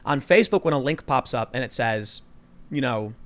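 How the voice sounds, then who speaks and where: Male podcast host, mid pitch, argumentative and emphatic in casual political talk. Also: expressive, normal speed, fairly bright tone.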